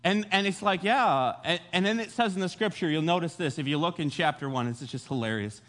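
A young man preaching a casual sermon, retelling a Bible story in an animated way and acting out the voices. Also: a little high, fast. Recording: long hall reverb.

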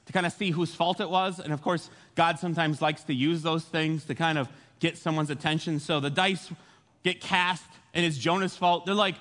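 A young man preaching a casual sermon, retelling a Bible story in an animated way and acting out the voices. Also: on the high side, fairly quick. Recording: long hall reverb.

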